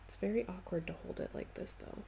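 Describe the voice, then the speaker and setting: A woman's voice: mid-range voice, fast, creaky, mellow, a little hiss or hum. A woman chatting casually on a live stream while she stitches, answering viewers' comments and playfully dramatizing her stories.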